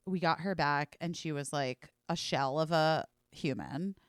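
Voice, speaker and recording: A woman in her forties hosts a podcast, telling a rambling, animated story packed with "like" and the occasional swear word. Her voice is deep and her pace measured, recorded in studio quality with no room sound.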